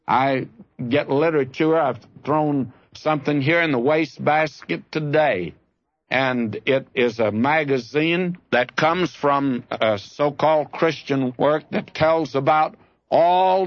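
A man's voice: fairly high pitch, slow, no echo, lo-fi sound. A man preaching a sermon, telling a personal story in a folksy, earnest way and rising to fervent appeals to his listeners. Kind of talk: radio Bible sermon.

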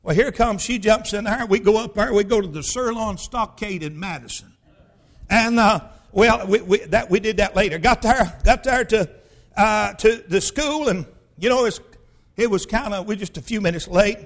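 A male pastor, telling a personal story in a sermon in a folksy, emphatic way that bursts into shouting. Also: high voice, normal speed.

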